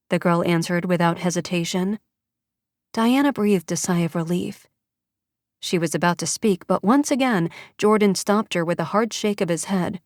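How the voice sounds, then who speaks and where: Woman narrating an audiobook, lowish voice. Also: moderate pace, darkish tone, no echo, clean studio sound. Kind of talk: scripted narration.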